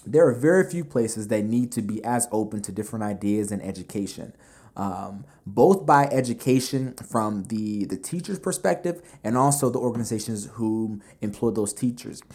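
A man hosting a casual talk on leadership, animated and conversational, full of fillers as he tells stories. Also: on the low side, normal speed, husky. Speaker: business podcast host.

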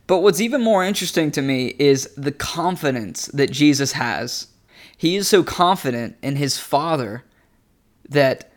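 A man giving a casual devotional teaching, talking in an animated, conversational way and laughing often. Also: fairly high pitch. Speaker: preacher.

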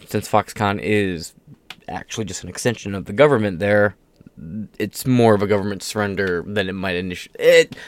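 A man's voice: fairly low pitch, dry recording. A young man hosting a casual commentary show, reading news aloud with rambling, profane asides and off-the-cuff remarks. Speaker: political commentary host.

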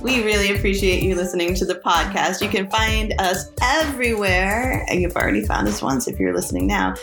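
A woman's voice: medium pitch, very animated, brisk, reverberant, music in the background. A woman co-hosting a podcast in casual chat, teasing her partner and laughing often. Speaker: podcast co-host.

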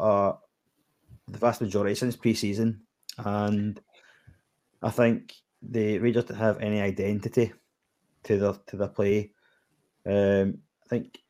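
A man's voice: on the low side, mellow. A Scottish man hosting a podcast, leading the segments in a casual, easygoing football chat. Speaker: podcast host.

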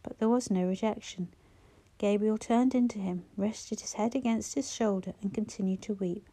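Audiobook narrator: woman, mellow tone, measured and gentle delivery. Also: mid-range voice, steady tone. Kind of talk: scripted narration.

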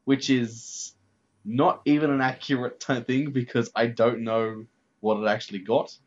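A man's voice: mid-range voice, level tone, a little slow. A man hosting a podcast in casual chat, earnestly running through viewing figures. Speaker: podcast host. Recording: slightly dull lo-fi mic with faint noise.

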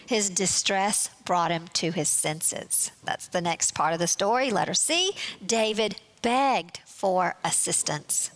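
A woman teaching a Bible study, explaining scripture in a measured way and reading verses aloud. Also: on the low side, a bit bright.

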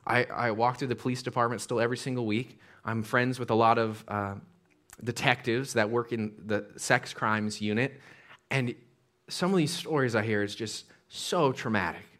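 A man's voice: medium pitch, normal speed, fairly bright tone. A man preaching a sermon as a pastor, conversational and casual with slang.

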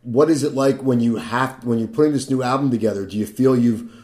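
A man interviewing a musician, asking halting questions and repeating words as he goes. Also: mid-range voice, darkish tone.

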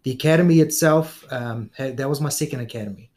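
A middle-aged man with a New Zealand accent, a police officer chatting as an interview guest, relaxed and full of fillers and small laughs. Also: medium pitch, fast. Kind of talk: casual interview chat.

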